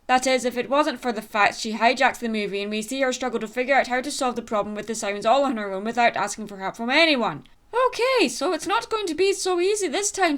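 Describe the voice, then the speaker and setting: A young woman reviews a film for her channel, dry and sarcastic in her asides. Her voice sits high and swings widely, bouncing between mock outrage and calm explanation. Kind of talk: comedic video review.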